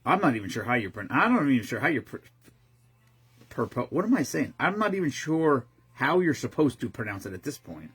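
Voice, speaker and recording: Casual host, man in his fifties, very husky and raspy, lively rambling delivery. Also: mid-range voice, a little fast. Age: 50s. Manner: rambling and profane, with frequent restarts. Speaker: streamer host. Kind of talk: casual chat.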